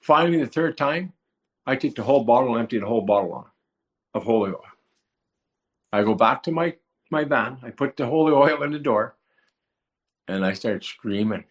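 A man telling an emotional personal testimony in a plain-spoken way, acting out his own prayers aloud and swinging between low murmurs and high excited outbursts. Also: fast talker. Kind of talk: emotional storytelling.

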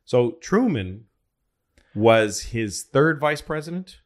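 A man's voice: medium pitch, very animated, slow pace. A man telling history stories in a rambling, profane, casual way as a podcast co-host. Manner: rambling, profane, acts out quotes.

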